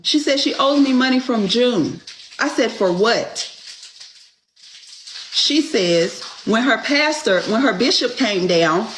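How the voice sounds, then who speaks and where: A woman speaks unhurriedly in a slightly high voice, telling a personal story in casual, profane talk. She sounds indignant, acts out the people in her story, and keeps checking in with a rhetorical "Okay?". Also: lively intonation, unhurried, fairly bright tone, a little hiss or hum, poor audio. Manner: acts out quoted dialogue.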